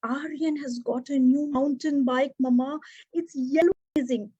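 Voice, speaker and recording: Eager little girl played by a woman, high and breathless, pleading, dull muffled recording. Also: steady tone, normal speed, warm tone, no echo, lightly acted. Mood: excited. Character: excited seven-year-old girl.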